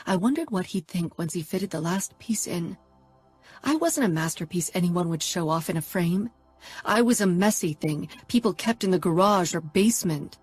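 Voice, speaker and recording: Breathy woman narrating an audiobook. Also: fairly low pitch, moderate pace, soft background music. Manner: steady, intimate first-person reading. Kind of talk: scripted first-person romance narration.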